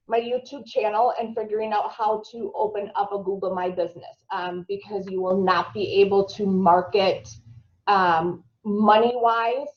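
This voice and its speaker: A woman's voice: mid-range voice, roomy sound, highs cut off. Chatty Minnesota-accented woman on a call. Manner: chatty, filler-heavy, fast-talking. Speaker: marketing trainer. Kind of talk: live video-call presentation. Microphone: video call.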